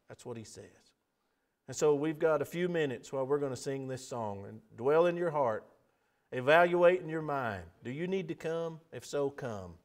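A man's voice: fairly high pitch, lively intonation, normal speed. Earnest preacher man. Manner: earnest, rising to emphatic appeals, drops to soft pleas. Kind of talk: sermon.

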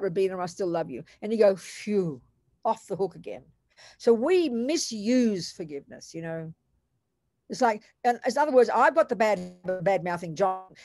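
An older Australian woman teaches a class in an emphatic, animated way, her pitch of middle height. Her talk is blunt and colloquial, and it sounds close and dry with no room around it. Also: no echo. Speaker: Buddhist nun teacher.

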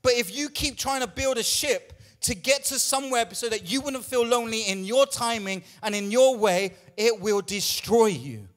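A man's voice: extremely high pitch, animated, normal speed, few pauses, a bit bright. A man preaching a sermon in church, emphatic and repetitive, at times out of breath. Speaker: pastor.

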